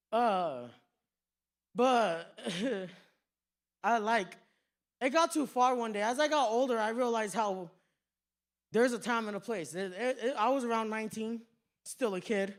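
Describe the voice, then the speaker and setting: A man's voice: sits high, moderate pace. A man doing stand-up in a comedy club, telling rambling, profane stories. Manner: profane, rambling, slips into quoted voices. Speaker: stand-up comic. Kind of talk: stand-up storytelling.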